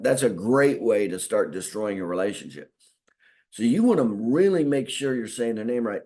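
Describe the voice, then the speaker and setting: A man's voice: on the low side, darkish tone. Folksy male chiropractic trainer. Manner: folksy, repeats himself, acts out patient talk. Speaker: chiropractic consultant teaching doctors. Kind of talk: spoken training lecture.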